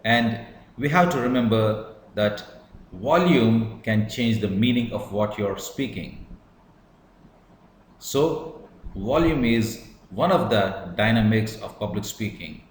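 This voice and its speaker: A man giving a measured lecture on public speaking, stressing words to demonstrate emphasis. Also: fairly low pitch, expressive, echoey room, slight background noise, low-quality recording. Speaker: English teacher. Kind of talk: slow deliberate lecture.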